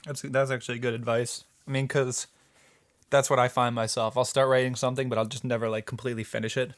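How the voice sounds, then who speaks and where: A man's voice: mid-range voice, little pitch movement, fast talker, no echo, clean studio sound. A man co-hosting a podcast, chatting casually and rambling with lots of "like" and "um". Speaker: podcast co-host.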